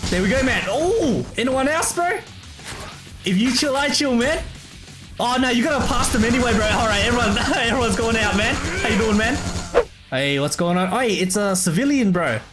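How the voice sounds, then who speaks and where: A male gamer with a very high-pitched, expressive voice talks briskly through a let's play. He's laid-back and laughs a lot, calling everyone bro, while game music plays in the background.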